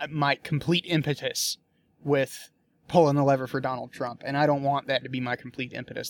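Venting his frustration, a young man gives a blunt, profane political rant in a casual style, often starting his sentences over. He's a political commentator with a mid-range voice, and there's a little hiss or hum on the recording.

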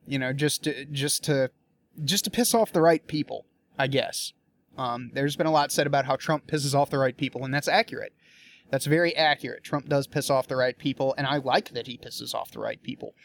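A man's voice: medium pitch, brisk, gravelly, fairly bright tone, a little hiss or hum. A young man giving a casual political rant, blunt and profane, often restarting his sentences as he works through his frustration. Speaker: political commentator.

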